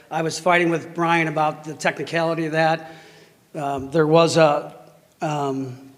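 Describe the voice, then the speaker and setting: Angry high-voiced man at a meeting. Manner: angry, emotional, halting. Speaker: parent giving public comment. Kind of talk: heated public comment at a meeting. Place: school board meeting hall. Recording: hall reverb.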